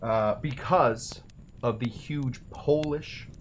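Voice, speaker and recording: A man's voice: medium pitch, takes it slowly, noisy background. A man hosting a cocktail show, talking casually with rambling, self-deprecating jokes and asides. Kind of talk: casual comedic how-to talk.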